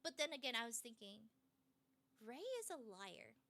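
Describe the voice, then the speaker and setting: A woman streamer retelling a story in a casual, animated way, with many fillers. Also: fairly high pitch, normal speed.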